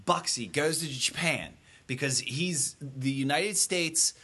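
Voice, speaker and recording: A man's voice: a little high, slow pace, bright, forceful tone, husky. A man telling rambling comic stories in a folksy voice with loose grammar. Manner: folksy, storytelling, dropped grammar. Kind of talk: casual comedic banter.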